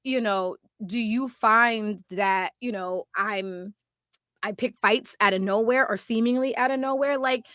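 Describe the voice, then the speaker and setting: A woman co-hosting a podcast in casual chat, animated and laughing often, acting out little quoted exchanges. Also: fairly high pitch, measured pace, dry recording, studio quality. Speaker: podcast co-host.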